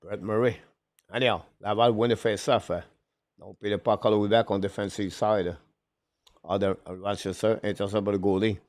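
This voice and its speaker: A man calling hockey play-by-play on a live stream. He talks haltingly, with frequent "uh" fillers, broken English phrasing and apologetic self-corrections. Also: on the low side, steady tone, darkish tone, no echo, clean studio sound. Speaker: play-by-play commentator and show host.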